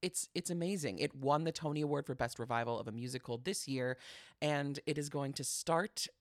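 A man's voice: fairly high pitch, a little fast, no echo, clean studio sound. A man hosting a podcast in a casual monologue, dramatic and gushing, who chats at the listener and keeps saying "you guys". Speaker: podcast host.

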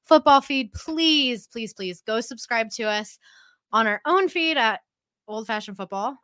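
A woman's voice: on the high side, expressive, unhurried, sharp tone, dry recording. A woman co-hosting a casual podcast, chatty and upbeat, laughing easily. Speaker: podcast co-host.

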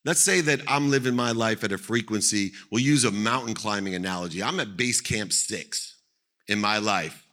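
A middle-aged man delivers a motivational keynote from a stage, his voice bright and forceful. He drives his points home emphatically, circling back on key phrases to hammer them in. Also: medium pitch. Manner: emphatic, repeats phrases for effect. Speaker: motivational speaker. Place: on stage at an event.

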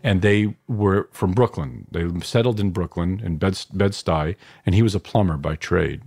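A man's voice: low voice, normal speed, gravelly, a little mellow, dry recording. A middle-aged man from New York, a filmmaker reflecting at length in an interview, digressive with frequent restarts and asides. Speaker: filmmaker guest.

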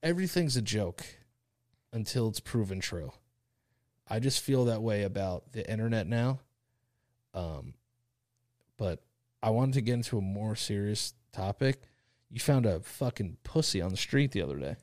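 A man's voice: fairly low pitch, expressive, moderate pace, long pauses, darkish tone, dry recording, clean studio sound. A young man co-hosting a podcast, talking in a laid-back, slangy way and reading ads loosely. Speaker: podcast co-host. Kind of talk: casual chat.

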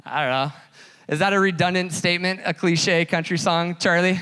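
Casual joking preacher in a big hall. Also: male voice, high-pitched, fairly even intonation, normal speed, sharp tone, clean tone. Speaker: pastor. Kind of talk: sermon. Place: church hall. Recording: large hall with long reverb.

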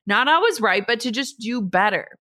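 With a fairly high voice at a moderate pace, a thirtysomething woman hosts a casual podcast that includes read ads. She comes across as earnest and animated as she tells her stories.

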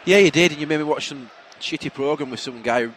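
A man co-hosting a football podcast, joking and shouting along with the match. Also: a little high, quick pace, a little hiss or hum. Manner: jokey, animated, shouts during match action. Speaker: podcast co-host. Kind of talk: casual football podcast banter.

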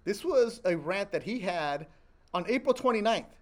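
Brash, high-voiced male podcast host. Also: lively intonation, normal speed. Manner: brash, joking, profane. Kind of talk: casual chat.

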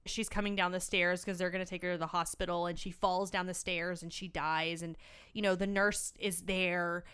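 A woman co-hosting a podcast, chatting casually about a film in an animated way, with frequent exclamations and laughter. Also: lowish voice, moderate pace, clear, resonant tone. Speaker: podcast co-host. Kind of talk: casual film-review chat.

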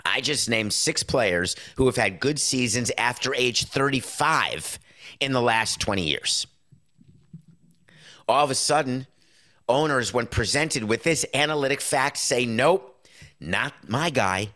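Speaking at medium pitch and a little slowly, this middle-aged sports talk host sounds animated. He delivers an opinionated monologue full of sarcasm and punchy, abruptly loud emphasis.

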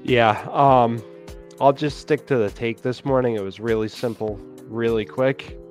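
A man's voice: medium pitch, steady tone, unhurried, soft background music. A man co-hosting a casual sports podcast, laid-back and hesitant, with lots of fillers. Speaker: podcast co-host.

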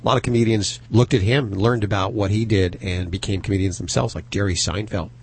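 A man's voice: on the low side, steady tone, a little fast, husky. A man hosting a radio show, bantering in an upbeat, joking way. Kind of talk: casual studio banter.

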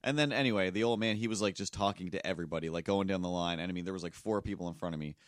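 A man's voice: sits low, racing, dry recording, studio quality. A man co-hosting a podcast, rambling through a nervous, self-deprecating anecdote and acting out the other people in it. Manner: rambling, self-deprecating, acts out voices in stories. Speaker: podcast co-host. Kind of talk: casual chat, storytelling.

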